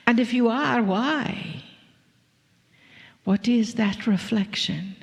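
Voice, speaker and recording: Slow gravelly woman channeling in echoey hall. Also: fairly high pitch. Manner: slow and breathy, drifting into whispers with soft laughs. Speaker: channeler addressing a live audience. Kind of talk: channeled spiritual message.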